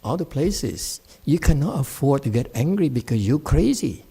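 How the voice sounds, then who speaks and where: A man teaching meditation, blunt and scolding, who mocks his students' excuses and swings between loud outbursts and quiet muttering. English is not his first language. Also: medium pitch, very animated, normal speed, husky. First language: Chinese. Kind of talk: dharma talk answering students.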